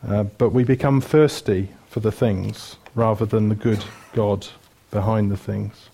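A man's voice: lowish voice, fairly even intonation, a little slow, creaky, dark tone, slightly rough. Chatty joking male preacher. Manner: chatty and joking, lists things with many fillers. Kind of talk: sermon.

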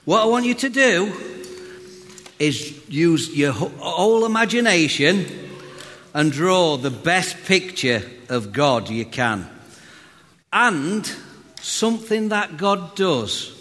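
A man's voice: a little high, very animated, slow, a bit bright. A man preaching a sermon as pastor, chatty and joking with the congregation. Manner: chatty, jokey, talks straight to the congregation. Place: church hall. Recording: reverberant hall.

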